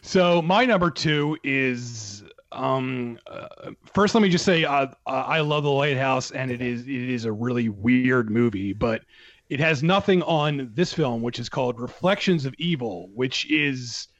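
A man in a casual film talk, speaking with excited emphasis and frequent laughter. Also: mid-range voice, a little slow, dry recording, lo-fi sound. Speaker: film podcast co-host. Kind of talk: casual chat.

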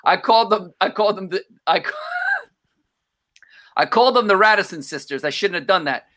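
A stand-up comedian telling a story on a casual podcast, his fairly high voice bright and forward. He acts out every quoted voice in an animated way. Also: moderate pace.

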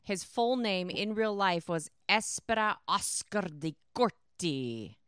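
A woman's voice: medium pitch, sing-song, slow pace, fairly bright tone, clean tone, no echo, studio quality. A woman co-hosting a podcast, playful and teasing in casual comedic chat. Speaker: podcast co-host.

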